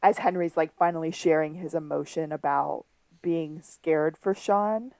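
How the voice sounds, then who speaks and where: A woman's voice: low voice, a little slow, vocal fry, darkish tone, dry recording. A woman co-hosting a podcast, chatting casually as she recaps a TV episode and retells its scenes. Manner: chatty, laughs often, retells scenes with quoted lines. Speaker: podcast co-host.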